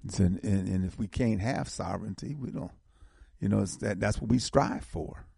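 Man, gravelly husky voice, dry close sound, impassioned political talk. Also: on the low side, moderate pace, warm tone, no room sound. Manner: impassioned, repeats words when fired up.

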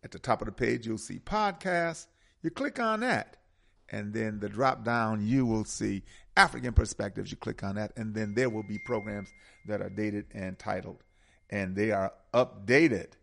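A man's voice: on the low side, vocal fry, fairly bright tone. A man hosting a radio talk show, speaking with an emphatic, preaching cadence and repeating key words. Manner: preaching cadence with dramatic pauses.

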